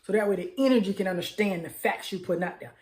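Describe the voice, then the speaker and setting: A woman's voice: medium pitch, fast, darkish tone, reverberant. A middle-aged woman coaching on mindset, talking casually and emphatically, with a hyper energy and affirmations repeated with growing force. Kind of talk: casual motivational talk.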